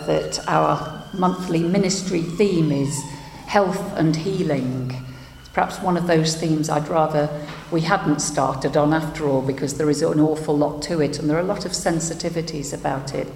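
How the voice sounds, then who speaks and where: A woman minister gently telling a story for all ages during a service, with some hesitation. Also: deep voice, unhurried, creaky, slight background noise. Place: worship hall. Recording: echoey hall, faint ambience.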